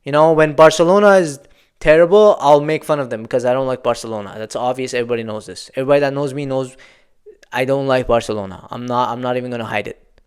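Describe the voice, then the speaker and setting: A man's voice: medium pitch, fairly even intonation, fast, clean tone. A young man hosting a football channel, venting his frustration in a solo post-match reaction with emphatic, repetitive phrasing.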